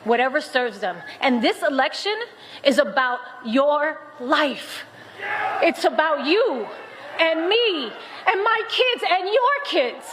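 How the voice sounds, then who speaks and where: A woman's voice: sits high, lively intonation, slow, a bit bright. A woman giving an emotional, rousing speech at a political rally, urging the audience on. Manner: impassioned, rousing, emphatic. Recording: rally clip with crowd and noise.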